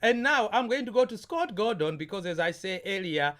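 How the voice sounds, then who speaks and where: Name: stream host. Sex: man. Pitch: high. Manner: jovial, chatty, repeats himself. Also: expressive, fairly quick, fairly bright tone. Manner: jovial, repeats his words, chats to viewers. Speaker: host of an online carnival stream. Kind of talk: casual live-stream hosting.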